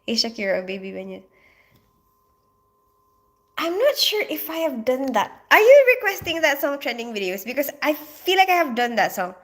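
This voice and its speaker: A woman's voice: sits high, sing-song, moderate pace, a bit bright. A sleepy Filipino woman hosting a casual livestream, rambling with many fillers and frequent laughs as she reads out comments. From Philippines. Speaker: livestream host reading comments.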